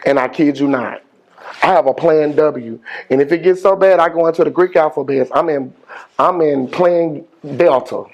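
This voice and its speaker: A middle-aged man, a school principal giving an energetic motivational speech with call-and-response and slangy phrasing. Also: a little high, normal speed, dull audio. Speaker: high school principal, guest speaker.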